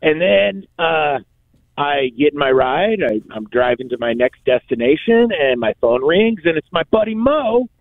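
A man's voice: fairly high pitch, sing-song, a little slow. A man co-hosting a radio show in casual chat, telling stories in laid-back slang. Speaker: radio co-host. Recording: tinny phone line.

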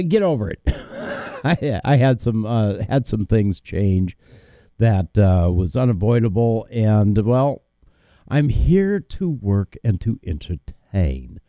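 Combative talk radio host, slow and lively. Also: male voice, medium pitch, no echo. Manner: combative, emphatic, with repeated words and fillers. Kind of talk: opinionated talk radio monologue.

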